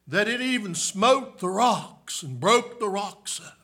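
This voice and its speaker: In a high, animated, unhurried voice, a man preaches a revival sermon. He swings between hushed murmurs and shouted peaks, repeatedly returning to the refrain "my, listen, friend."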